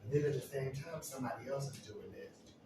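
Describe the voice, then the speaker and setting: A man's voice: medium pitch, brisk. A man telling a casual story, acting out what people said and laughing often. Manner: animated, acts out quotes, laughs often. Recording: echoey room, distant mic, steady noise.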